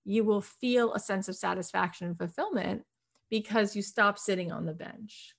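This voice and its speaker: A woman's voice: mid-range voice, moderate pace, vocal fry. Emphatic motivational woman guest. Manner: emphatic, motivational, rhetorical questions. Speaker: interview guest. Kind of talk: motivational conversation.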